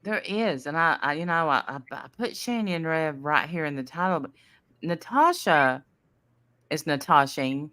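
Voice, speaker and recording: A woman's voice: low voice, animated, normal speed, a bit bright, no room sound. A woman hosting a casual commentary chat, playful, often stammering and restarting. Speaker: channel host.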